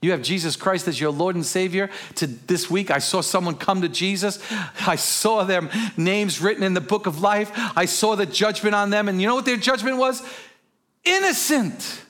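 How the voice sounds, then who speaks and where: Fiery preaching man, slightly high voice. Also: normal speed. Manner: passionate preaching, swings from hushed to shouted exclamations; conversational storytelling asides. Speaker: pastor. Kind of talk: sermon.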